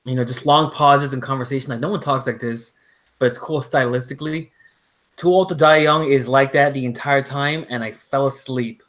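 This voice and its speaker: A man's voice: mid-range voice, fairly even intonation, normal speed, fairly bright tone, low-quality recording. A man hosting a casual live stream over a call, rambling with lots of fillers and restarts. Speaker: host.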